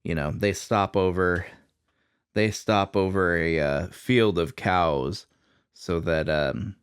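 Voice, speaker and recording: Low smooth guy on a podcast, kinda halting, lots of ums. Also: no room sound. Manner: hesitant with frequent "um" and "uh". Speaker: podcast co-host. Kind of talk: casual film recap chat.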